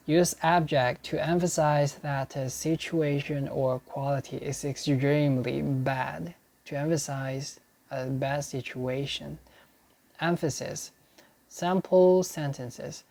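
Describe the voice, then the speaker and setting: A man working through dictionary entries aloud, explaining them in a halting way and repeating each sample sentence several times. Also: a little high, vocal fry, darkish tone. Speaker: English learner studying a dictionary.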